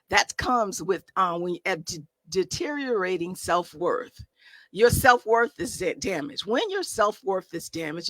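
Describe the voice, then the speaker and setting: Woman, life coach, motivational talk, bright forceful voice, emphatic, colloquial, dry close sound. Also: mid-range voice, dry recording. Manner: emphatic, preacher-like delivery with rhetorical questions; colloquial, conversational phrasing. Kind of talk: motivational talk to a live audience.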